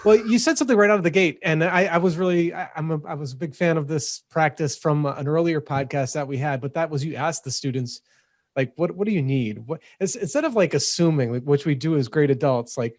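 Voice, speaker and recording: A man co-hosting a podcast, talking in energetic, quick bursts with lots of restarts. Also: fairly high pitch, no echo, clean studio sound. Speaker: podcast co-host. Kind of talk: casual podcast chat.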